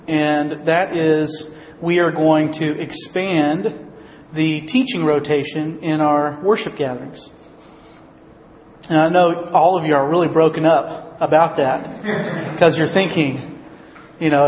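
A man's voice: fairly high pitch, slight background noise. A man giving a casual sermon to his congregation, talking in a conversational, joking way with frequent ums and you-knows. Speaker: pastor. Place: church worship gathering hall. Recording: dull, roomy hall recording.

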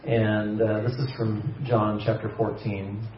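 A man leading a church small group discussion, speaking thoughtfully with halting restarts before closing in prayer. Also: fairly low pitch, little pitch movement. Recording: echoey room, distant dull mic, faint noise.

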